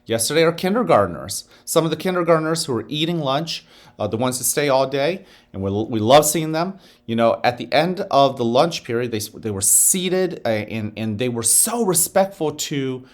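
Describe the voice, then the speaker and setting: Casting: male school principal, expressive and varied pitch, gentle guided breathing, encouraging morning announcements. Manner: slow, soothing guided-breathing instructions; upbeat, encouraging address to children. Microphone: office microphone.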